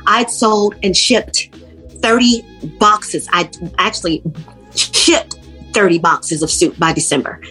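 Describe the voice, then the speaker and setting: A middle-aged woman tells her story as a guest in a relaxed interview. She is animated and acts out her own past lines as she goes. Her voice is a touch husky, with soft music in the background. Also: mid-range voice, slow pace. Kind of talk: casual interview, personal story.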